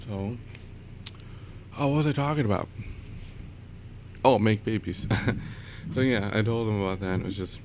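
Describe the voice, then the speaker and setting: Young male vlogger, deep voice, loose chatty storytelling, faint background hiss. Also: moderate pace, long pauses, darkish tone. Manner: rambling, chuckles often, many fillers. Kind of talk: casual storytelling.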